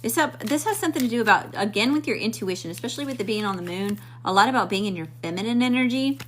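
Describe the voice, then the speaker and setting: Speaking very fast with lively intonation, a woman with a slightly high voice hosts a live-stream tarot reading. She greets chat viewers and chats casually, talking to spirit while drawing cards, over slight background noise.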